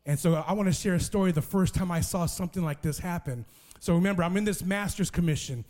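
Young male preacher, high voice, animated storyteller acting out voices, banter with the crowd. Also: fast talker. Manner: animated, acts out dialogue, playful asides to audience. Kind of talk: sermon storytelling.

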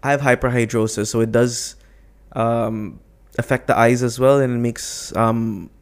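A man's voice: medium pitch, fairly even intonation, unhurried. A young man co-hosting a casual chat, rambling with lots of fillers and joking about himself. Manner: rambling, filler-heavy, self-deprecating. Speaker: podcast co-host, newlywed husband.

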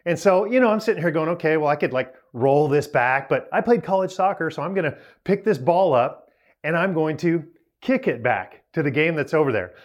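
Animated man telling a self-mocking story. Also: fairly high pitch, brisk, lo-fi sound. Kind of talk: storytelling talk to a young audience.

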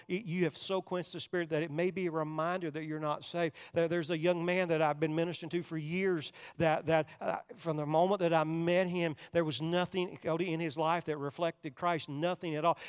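An older man preaching a sermon, swinging between loud, urgent passages and hushed, quiet ones. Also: fairly high pitch, clean tone, in a large hall. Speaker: pastor.

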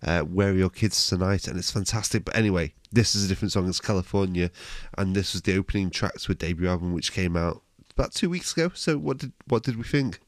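A man's voice: deep voice, animated, quick pace, few pauses, no room sound, clean studio sound. A man hosting a music podcast, leading casual chat with teasing, jokey banter. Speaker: podcast host.

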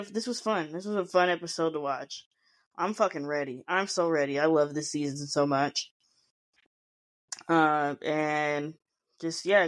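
A woman podcaster with a somewhat low voice talks through a reality show episode in loose, casual chat. She swears often and slips into quick impressions of the cast as she retells scenes. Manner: chatty, swearing freely, acting out quotes. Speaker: podcast host recapping a show.

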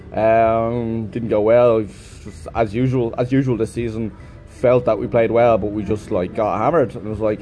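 A man's voice: medium pitch, dark tone, slight background noise. A man who teaches English, talking in a chatty, rambling vlog monologue and swearing freely.

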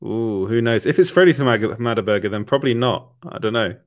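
A young livestream host reads out viewer comments in a rapid-fire, expressive mid-range voice, chatting casually with lots of laughter and filler words. The audio is clean studio sound without echo.

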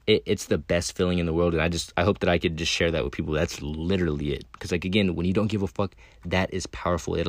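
A man with a fairly low voice hosts his own podcast in a loose, unscripted monologue. He talks bluntly and swears a lot, leaning on "right?" and "again" as he goes. The sound is dry and close. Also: no room sound. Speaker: podcast host. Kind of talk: casual monologue.

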